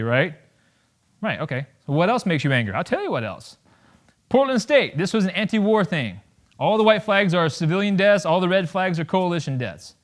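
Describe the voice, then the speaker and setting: A man in his thirties, a veteran giving a public talk to an audience, blunt and joking, acting out conversations as he tells them. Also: fairly high pitch. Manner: blunt, joking, acts out dialogue with wide swings of loudness. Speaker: veteran speaker.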